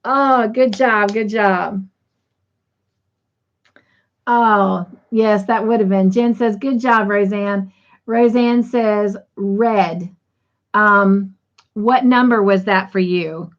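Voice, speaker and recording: Over slightly dull, lo-fi stream audio, a medium-pitched woman chats her way through a casual livestream, speaking slowly and pausing often. She uses "y'all," reads out comments from viewers, and keeps count of quiz scores.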